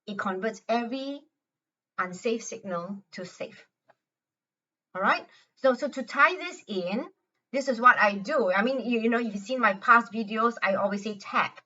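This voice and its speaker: Bright, earnest woman teaching from a distance. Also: a little high, breathy edge, dull audio. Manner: earnest, repeats words and restarts often. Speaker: health educator. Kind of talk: instructional talk guiding a self-help exercise.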